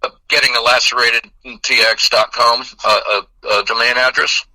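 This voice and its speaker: A man from Texas in a metal band, answering interview questions in a laid-back, profane way with halting fillers. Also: mid-range voice, steady tone, sharp tone, no room sound, rough recording.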